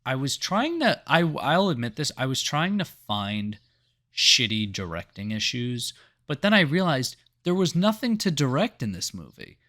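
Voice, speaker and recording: A man co-hosting a casual movie review podcast, blunt and swearing, with quick asides. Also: mid-range voice, big pitch swings, bright, forceful tone. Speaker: podcast co-host.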